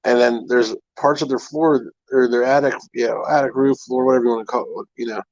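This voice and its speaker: A man's voice: medium pitch, fairly even intonation, brisk, darkish tone, no room sound, muffled recording. A man hosting a live stream, chatting casually and telling long stories full of "I'm like" asides. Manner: rambling storyteller, fillers like "I'm like". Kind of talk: casual chat.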